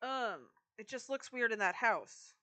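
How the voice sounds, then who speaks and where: A woman streams a game and chats casually with her viewers as she works. Her voice is fairly high, bright and forceful. She talks in a loose, chatty way and answers the chat as she goes. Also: expressive, a little slow, clean tone. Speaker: live streamer.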